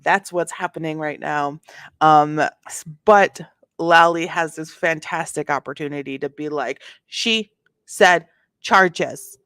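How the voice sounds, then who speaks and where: A woman with a somewhat low voice talks casually, reading legal documents aloud and breaking off into animated, sassy asides. She often restarts her sentences. The recording is dry and close, with no room sound. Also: unhurried, smooth, no echo. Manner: reads documents aloud, then reacts with sass. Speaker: commentator reading court filings. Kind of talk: casual commentary vlog.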